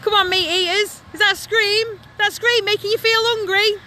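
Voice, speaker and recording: Impassioned woman ranting outdoors, high bright voice. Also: steady tone, moderate pace, slight background noise. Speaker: animal rights activist. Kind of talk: outdoor protest vlog monologue. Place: outdoors by a slaughterhouse in hail and rain.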